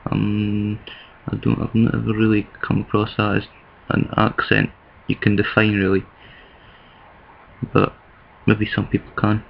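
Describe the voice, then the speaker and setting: Scottish guy vlogging, low gravelly voice, pretty monotone, kinda muffled lo-fi sound. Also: a little hiss or hum. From east of Scotland. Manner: rambling, thinks aloud with many restarts. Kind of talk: casual talking-to-camera vlog.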